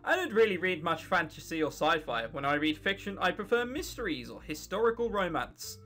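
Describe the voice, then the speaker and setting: A woman's voice: fairly low pitch, expressive, fairly quick, a bit bright, faint music behind. A woman reading a bold, bluffing young heroine. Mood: playful. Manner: playful, bluffing.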